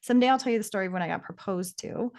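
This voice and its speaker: A woman's voice: mid-range voice, rapid-fire, darkish tone. A woman hosting a casual podcast interview, responding with encouragement and asking follow-up questions. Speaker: podcast host.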